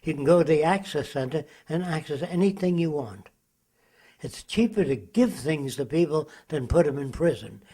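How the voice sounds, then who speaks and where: An elderly man in his nineties answers an interviewer at length, sounding emphatic and preachy. His voice sits a little high, and he keeps throwing rhetorical questions at his listener. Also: animated, moderate pace, warm tone, breathy edge. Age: 90s.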